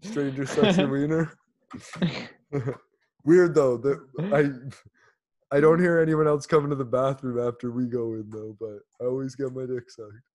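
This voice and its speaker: A man's voice: medium pitch, fairly even intonation, normal speed, darkish tone. A man co-hosting a casual chat, reading news aloud and cracking crude jokes, laughing often. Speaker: podcast co-host.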